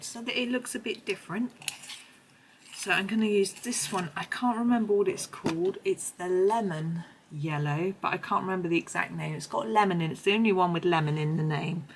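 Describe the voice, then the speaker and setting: A low-pitched woman, hoarse today, talks through a colouring tutorial. She rambles and corrects herself as she goes, with faint pencil scratching behind her. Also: slight background noise, poor audio. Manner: chatty, meandering, self-correcting. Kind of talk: casual tutorial narration.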